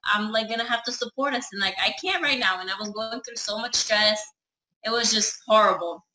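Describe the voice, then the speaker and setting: A woman's voice: mid-range voice, brisk, pushed and bright, roomy sound, slight background noise, poor audio. A woman chatting casually through a personal story, acting out the dialogue as she goes. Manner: chatty, acts out her own and others' dialogue.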